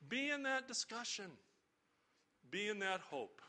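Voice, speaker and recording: A man's voice: sits high, sing-song, unhurried, pushed and bright. A middle-aged man preaching an Easter sermon, folksy and storytelling, rising to emphatic appeals. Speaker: pastor.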